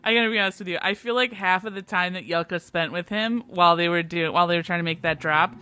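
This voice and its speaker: A woman co-hosts a true crime podcast in a relaxed chat. She jokes and acts out imagined lines. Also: fairly low pitch, quick pace. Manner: joking, acts out imagined quotes. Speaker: podcast co-host. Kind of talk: casual chat.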